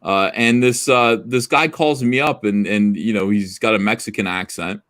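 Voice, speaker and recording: A man's voice: on the low side, normal speed, a bit bright. A man hosting a livestream over a remote call, telling rambling anecdotes in blunt, profane casual chat. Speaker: livestream host.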